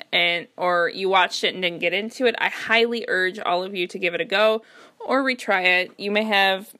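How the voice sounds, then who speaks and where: An eager young woman talks through her writing podcast in a loose, filler-heavy solo chat. Her nose sounds slightly stuffed up, and her voice sits at an ordinary middle pitch. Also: fairly bright tone, no echo. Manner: chatty, enthusiastic, lots of fillers. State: slightly congested.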